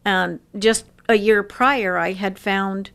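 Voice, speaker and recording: Lively older woman telling stories. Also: medium pitch, slow, smooth. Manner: lively storyteller who laughs often and acts out quoted voices. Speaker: interview guest. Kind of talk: casual storytelling interview.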